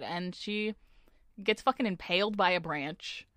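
Slow and full of long pauses, this young woman's medium-pitched voice is clear and resonant. As a podcast co-host in a casual book-club chat, she animatedly retells a novel, swearing often and quoting characters in their own voices, on a dry recording.

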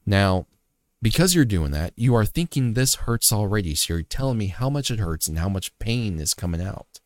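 A man with a very low voice gives an earnest, reflective motivational faith talk. He tells a personal story as a father and circles back over his points. The sound is close and dry, with no room echo. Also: big pitch swings, moderate pace.

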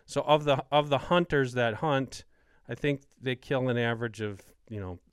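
He's a Wisconsin man hosting a casual hunting podcast interview, his medium-pitched voice smooth and moderately paced. Enthusiastic, he keeps asking questions and citing numbers, and the recording is studio quality with no echo.

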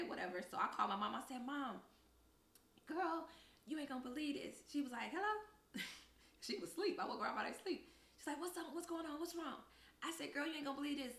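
In an echoey room, a young woman co-hosting a casual podcast tells stories with plenty of acted-out quotes. Her fairly high voice is bright, with a gravelly edge of vocal fry, and she's an animated storyteller doing the quoted voices.

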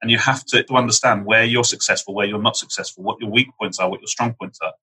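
A man's voice: lowish voice, steady tone, fast talker, bright, forceful tone, husky, rough recording. A man hosting a podcast interview, reflecting on his points at length and affirming his guest. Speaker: podcast host.

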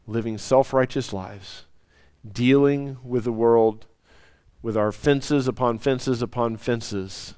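Slow, dry-voiced male preacher. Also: mid-range voice, a little mellow, smooth, dry recording. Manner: dynamic preaching, soaring then dropping to near whispers. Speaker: pastor. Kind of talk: sermon.

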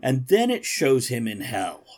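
A man's voice: medium pitch, huge pitch swings, unhurried. A man co-hosting a casual chat show, joking and laughing often. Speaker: co-host.

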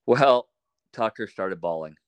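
Low-voiced man telling lively hunting stories. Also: unhurried, clear, resonant tone, dry recording. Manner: animated anecdotes, laughs often. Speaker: podcast guest. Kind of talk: casual storytelling.

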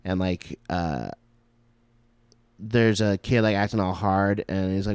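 A man in his late twenties from North Texas, with a lowish voice, hosts a loose podcast. He rambles through crude, profane stories stuffed with "like." The sound is dry and close. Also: fairly quick, no room sound. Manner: crude, rambling storyteller full of "like". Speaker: podcast host. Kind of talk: casual podcast chat.

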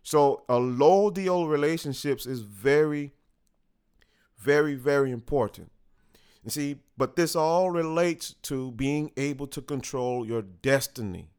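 A man hosting a talk, speaking in a slow, deliberate unscripted monologue and pausing to correct himself along the way. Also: mid-range voice, darkish tone, smooth. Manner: slow and deliberate, with restarts and small self-corrections. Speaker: host.

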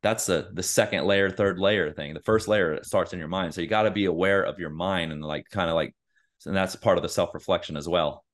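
A man's voice: low-pitched, steady tone, brisk. A man co-hosting a podcast, talking in a loose, rambling casual way with lots of fillers. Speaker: podcast co-host. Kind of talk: casual chat.

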